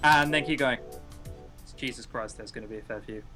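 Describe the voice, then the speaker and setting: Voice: mid-range voice, fairly quick, bright, forceful tone, soft background music. A streamer, chatting casually and bluntly with plenty of swearing and jokes. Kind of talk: casual game chat.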